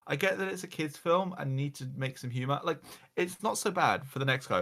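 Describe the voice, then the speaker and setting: A man's voice: on the high side, fairly quick, few pauses, fairly bright tone. A man ranting as the reviewer, exasperated and mocking, swearing often as he goes through slides. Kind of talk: casual comedic rant.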